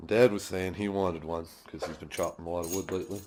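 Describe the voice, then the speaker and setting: A man's voice: deep voice, steady tone, quick pace, hardly any pauses, noisy background. Laid-back man rambling in his garage. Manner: swears casually, laughs often. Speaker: vlogger. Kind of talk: casual rambling vlog. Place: home garage. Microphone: phone camera held by hand.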